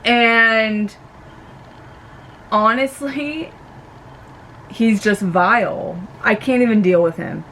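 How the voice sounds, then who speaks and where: A young woman vlogger ranting casually about a reality show, animated and swearing freely. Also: on the high side, very slow, long pauses, a little hiss or hum.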